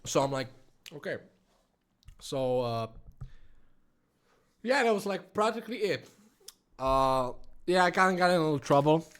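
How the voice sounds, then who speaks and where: Young man, slightly high pitch, casual storytime, heavy swearing, many fillers. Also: lively intonation, a little slow, pauses often, fairly bright tone, clean tone. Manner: swears a lot, many fillers, non-native phrasing. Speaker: vlogger.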